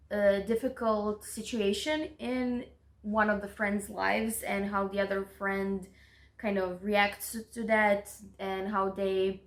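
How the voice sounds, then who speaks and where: A woman co-hosting a casual book chat, calm and earnest in how she describes a story. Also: medium pitch. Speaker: booktuber co-host. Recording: echoey room.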